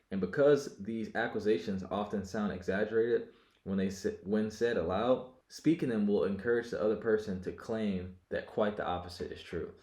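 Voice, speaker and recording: Low-voiced man reviewing a book, echoey room. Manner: relaxed, reads notes then explains them loosely. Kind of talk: casual video book review.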